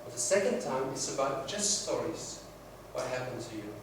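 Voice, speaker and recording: A man's voice: mid-range voice, very animated, moderate pace, background noise. A man teaching a sales workshop, telling stories and acting out the dialogue. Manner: storytelling, acts out quoted dialogue. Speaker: sales trainer. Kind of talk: classroom workshop talk. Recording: very echoey room, mic far off.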